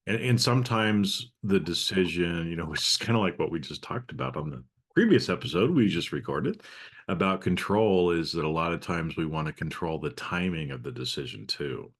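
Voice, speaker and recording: Male host, very low voice, casual rambling delivery, many fillers. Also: animated, normal speed, breathy edge. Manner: loose, meandering, frequent fillers. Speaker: podcast host. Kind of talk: casual conversation.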